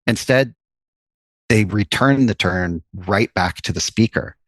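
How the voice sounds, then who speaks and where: A man who is a psychologist and author appears as a guest in a podcast interview, explaining his ideas at length with examples. His voice is on the low side with a fairly bright tone, and he speaks at a slow pace. The recording has no echo.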